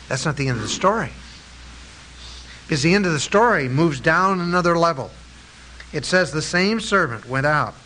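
A man preaching a sermon, emphatic, with drawn-out stresses and rhetorical questions to his listeners. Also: on the high side, pushed and bright, slight background noise, poor audio.

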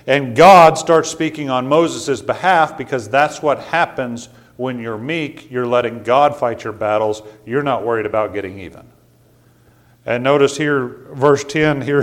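A pastor preaching a sermon in a folksy, conversational way, often repeating words and adding side remarks. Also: male voice, medium pitch.

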